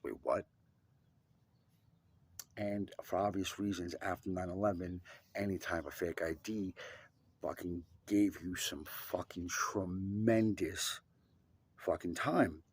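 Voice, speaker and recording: A man's voice: low voice, fairly even intonation, takes it slowly, long pauses, breathy edge. A young man telling a rambling, profane personal story with many restarts. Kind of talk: casual storytelling.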